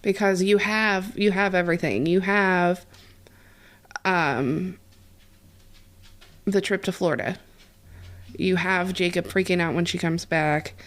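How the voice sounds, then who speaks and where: A woman's voice: lowish voice, fairly even intonation, slow pace, long pauses. A woman co-hosting a casual podcast from a home kitchen, talking through details in a conversational way. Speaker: podcast co-host. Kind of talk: casual chat.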